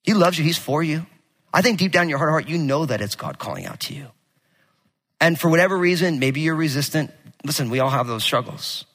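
A male pastor preaching a sermon with animated, casual storytelling and jokes. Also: a little high, a little fast. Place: church sanctuary. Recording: long hall reverb.

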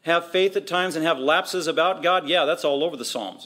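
Guy preaching a sermon, kinda high voice, hammers points over and over. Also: fairly bright tone. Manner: emphatic, repetitive preaching with quick asides. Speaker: pastor.

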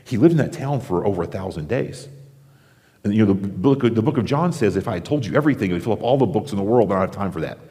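A pastor delivering a sermon in a conversational way, acting out the crowd's reactions, from the United States. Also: male voice, on the low side, lively intonation, fast, mellow. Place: large theater-style church auditorium. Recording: long hall reverb.

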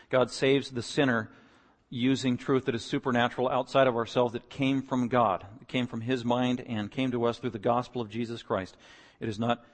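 A man preaching a sermon, emphatic and building to loud, repeated declarations. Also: mid-range voice, big-room sound. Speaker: pastor.

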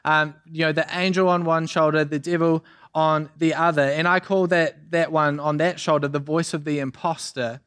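A young man preaching a sermon as youth pastor, energetic and chatty with many asides and fillers. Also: on the high side, normal speed, clean tone. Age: young adult.

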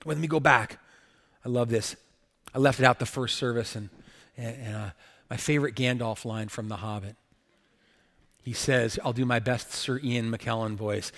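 A man's voice: medium pitch, steady tone, moderate pace, long pauses, fairly bright tone, long reverb tail. A male pastor preaching a sermon emphatically, often checking in with rhetorical questions.

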